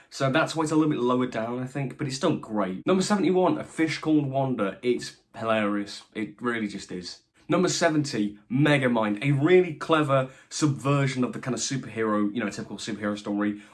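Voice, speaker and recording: A young man talks through his ranked list of films in a loose, chatty way. He sounds enthusiastic and lifts his voice each time he announces the next number. His voice sits at an ordinary middle pitch for a man. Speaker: film reviewer. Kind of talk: casual ranked list commentary.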